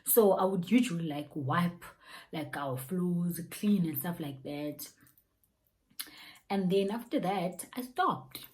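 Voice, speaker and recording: A young South African woman with a South African accent telling an animated story, laughing often and dropping local slang. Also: on the low side, slow, low-quality recording. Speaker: YouTuber. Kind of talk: casual storytime.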